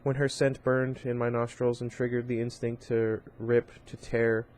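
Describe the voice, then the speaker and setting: A man reading a novel aloud in an informal, unpolished way. His voice sits at a middle pitch, and he trips over words now and then, correcting himself and adding brief asides. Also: flat delivery, normal speed, darkish tone. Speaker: reader.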